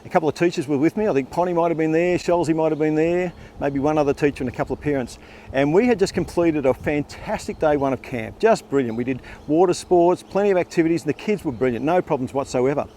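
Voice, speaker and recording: A man in his sixties, a former teacher telling a personal story in a playful, animated way. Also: a little high, quick pace, a little hiss or hum.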